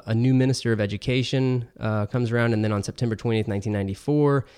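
A man's voice: mid-range voice, darkish tone. A man co-hosting a podcast in casual chat, explaining things thoughtfully with many ums and uhs. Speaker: podcast co-host.

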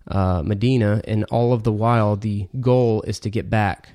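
A man co-hosting a podcast, explaining a religious topic in a measured way with small restarts. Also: lowish voice, steady tone, warm tone. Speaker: podcast co-host explaining Islam. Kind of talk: casual podcast discussion.

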